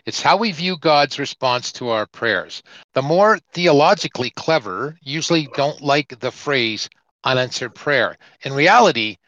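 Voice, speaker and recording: A male podcast co-host with a bright, forceful voice. He talks chattily and keeps restarting his sentences. The audio is dry and dull. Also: medium pitch, no echo. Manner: chatty storyteller, halting restarts. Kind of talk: casual chat.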